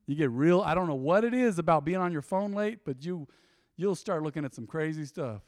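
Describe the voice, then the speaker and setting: Male pastor, fairly high voice, dry close sound, lively preaching that swells and hushes. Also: a little fast, dry recording. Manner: animated, preaching with sudden loud swells and quiet drops. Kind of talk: sermon. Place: church.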